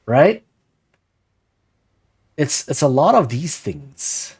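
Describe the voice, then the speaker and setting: A man with a slightly high, slightly rough voice and vocal fry talks extremely slowly on a live stream. Still animated and rhetorical, he discusses running tabletop games in a casual game-design chat, often asking "right?" and reading chat aloud to reply.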